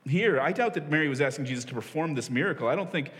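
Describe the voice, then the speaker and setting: This forties-aged pastor has a fairly high, fairly bright voice, delivered fast and with animation. Chatty and quick to poke fun at himself, he laughs and restarts frequently while a stage microphone picks him up amid the large hall's lingering reverb.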